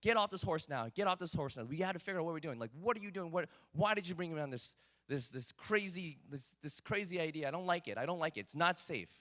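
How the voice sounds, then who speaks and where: A man's voice: a little high, lively intonation, fast talker, fairly bright tone, pitched above the performer's own voice. A man voicing an anxious older male fellow traveler who pleads and repeats himself in alarm.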